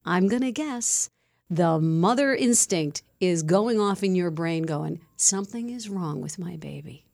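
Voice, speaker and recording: A woman hosting a podcast, asking gentle, probing questions in a husky voice. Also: on the low side, expressive, a little slow. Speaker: podcast host. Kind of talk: interviewing.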